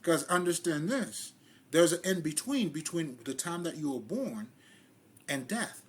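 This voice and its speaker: A man talks through spiritual ideas in a relaxed, rambling monologue, full of slang and cursing. His voice is husky and sits somewhat high for a man. He laughs easily as he goes. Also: unhurried. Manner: loose, profane, street slang, often laughing. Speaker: spiritual vlogger.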